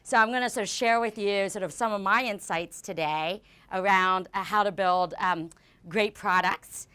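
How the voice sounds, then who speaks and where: A woman in her forties giving a live conference talk, talking fast with lots of fillers and restarts. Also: mid-range voice, bright, forceful tone, clean tone. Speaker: conference speaker. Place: conference venue before an audience.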